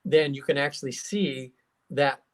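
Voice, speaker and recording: A man, a hypnotherapist and guest, telling stories in a casual, animated way, acting out quotes with plenty of fillers. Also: mid-range voice, a little slow. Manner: animated storyteller, acts out quotes, many fillers. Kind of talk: casual storytelling interview.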